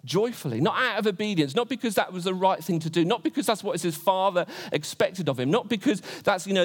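A man's voice: high-pitched, expressive, a little fast, hardly any pauses, husky. A man in his twenties preaching a sermon, earnest, asking rhetorical questions again and again. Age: 20s.

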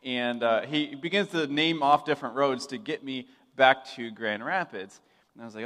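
A young man from Michigan preaching a sermon, telling a self-deprecating story in a lively storyteller's way. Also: mid-range voice, normal speed. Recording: reverberant hall.

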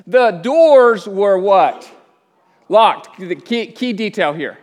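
Animated high-voiced pastor in echoey hall. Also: male voice, slow. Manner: animated, dramatic scripture reading with sudden rises and hushed drops. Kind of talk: sermon.

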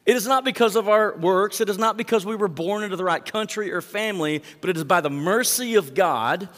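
A pastor giving a sermon, reading verses and explaining them with emphatic rises and asides to the congregation. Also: male voice, sits high, fairly quick, a bit bright, long reverb tail.

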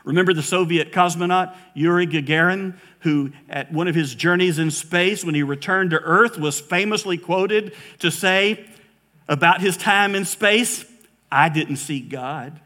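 A man preaching a sermon as a pastor, earnest, slowing down to stress key words and rising sharply when quoting scripture. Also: high voice, steady tone, sharp tone. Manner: earnest preaching, slows for emphasis, rises dramatically on quotes.

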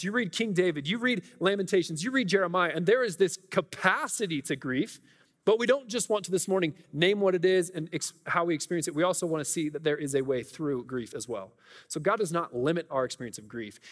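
A man's voice: on the high side, big-room sound. A man preaching a sermon as a pastor, talking in an earnest, conversational way with many restarts and asides. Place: church auditorium.

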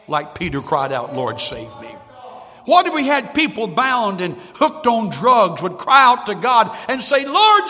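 A male pastor preaching a sermon in a church, swinging from loud emphatic lines to hushed ones. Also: sits high, in a large hall. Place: church sanctuary.

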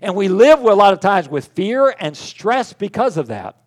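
A man's voice: high voice, very animated, normal speed. A middle-aged man preaching a conversational sermon, self-deprecating and full of fillers and restarts. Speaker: pastor.

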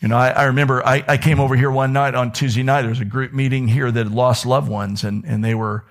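A man preaching a sermon as a pastor in a church, telling stories with wide swings in pitch and dropping now and then to a whisper. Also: fairly even intonation, fast talker. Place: church sanctuary.

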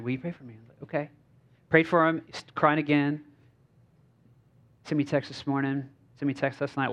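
A man preaching a relaxed, story-driven sermon at a mid-range pitch. He speaks informally, circling back with fillers and restarts. The recording is slightly dull and lo-fi. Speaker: pastor. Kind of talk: conversational sermon.

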